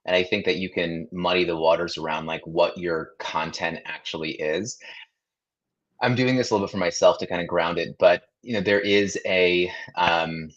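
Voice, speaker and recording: A man's voice: deep voice, steady tone, normal speed, highs cut off. A man co-hosting a casual livestream chat, asking questions and reading chat comments aloud. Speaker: co-host.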